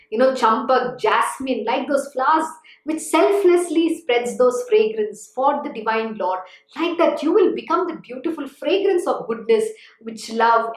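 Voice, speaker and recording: A woman with a high voice delivers an earnest, exhorting spiritual discourse, urging her listeners on and often saying "you know". Her voice rings in an echoey room. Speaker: spiritual teacher. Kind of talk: devotional discourse.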